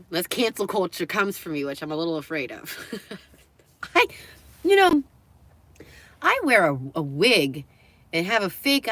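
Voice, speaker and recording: A woman's voice: lowish voice, a bit bright, dry recording. A woman livestreaming to her viewers, chatting in a rambling way, laughing often and swearing freely. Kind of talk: rambling live-stream chat.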